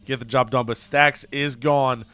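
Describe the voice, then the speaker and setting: A man's voice: mid-range voice, steady tone, a little slow, a bit bright. A man casually and playfully recapping events from a wrestling video game season.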